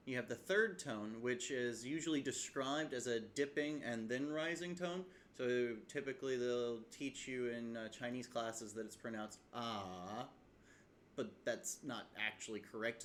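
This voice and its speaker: Guy at his desk explaining flashcards, kinda rambly, lots of uh, slight room hiss. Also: medium pitch. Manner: relaxed, rambling, many uh fillers, demonstrates tones aloud. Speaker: language learner vlogger. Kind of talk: casual screen-share tutorial. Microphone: webcam setup.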